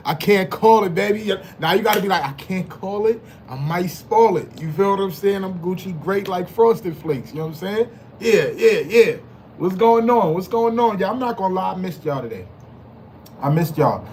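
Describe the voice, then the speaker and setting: Hosting a casual live stream, a man speaks at normal speed in a high, animated voice with a darkish tone. He's hyped and slangy, greets chat members by name, and repeats himself, all over slight background noise.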